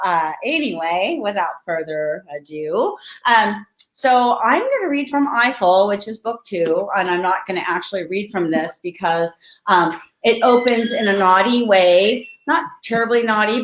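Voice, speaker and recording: A woman's voice: mid-range voice, a bit bright. A woman author chatting casually over a video call, with frequent ums and restarts, then reading from her novel. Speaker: guest author. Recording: echoey room.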